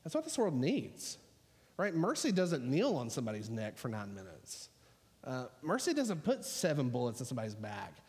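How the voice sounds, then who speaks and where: A pastor preaching a sermon, telling a story in a relaxed, conversational way full of fillers. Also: male voice, medium pitch, normal speed, long reverb tail.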